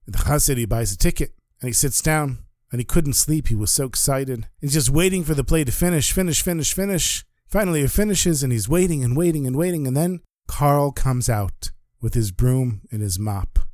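A man tells a religious story with vivid, animated energy. His voice sits at a middle pitch. The recording is dry and close. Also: a little fast, hardly any pauses, no echo.

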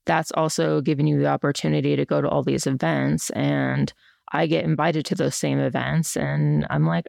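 Young woman podcast host, chatty and laughing, gravelly fry, dry close sound. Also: deep voice, flat delivery, moderate pace, darkish tone, dry recording. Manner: chatty, laughs often, quotes herself in playful voices. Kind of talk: casual podcast chat.

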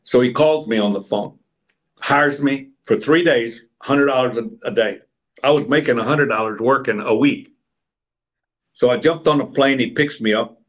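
A man's voice: mid-range voice, moderate pace. Older man spinning yarns. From Texas. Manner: rambling raconteur, acts out other people's lines. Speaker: interview guest. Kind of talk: anecdotal storytelling.

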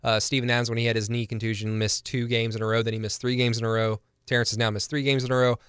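Smooth-voiced man talking sports. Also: mid-range voice, little pitch movement, fast talker, fairly bright tone, no room sound, studio quality. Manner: chatty and analytical, laughs easily. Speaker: sports podcast co-host. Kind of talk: casual sports talk.

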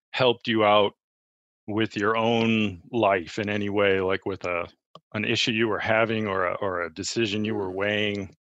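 A man's voice: on the low side, fairly bright tone, no room sound, muffled recording. A man calling in to a podcast, hesitant and starstruck as he asks a question. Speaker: caller. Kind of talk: casual chat.

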